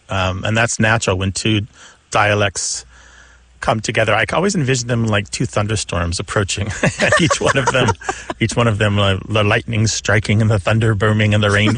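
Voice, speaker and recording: A man's voice: on the low side, fairly even intonation, moderate pace, fairly bright tone, no room sound. A man co-hosting a call-in radio show, explaining language in a thoughtful, easygoing way and laughing often. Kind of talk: casual explanatory radio talk.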